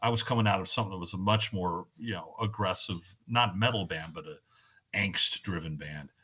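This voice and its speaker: A man guest on a podcast, telling animated stories in a casual chat. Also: low-pitched, a little fast, breathy edge. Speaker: guest musician.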